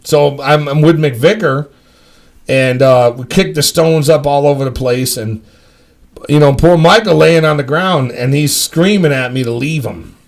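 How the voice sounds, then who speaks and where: A man's voice: fairly high pitch, a little slow. A man telling a rambling, profane story among friends. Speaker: storyteller on a live stream.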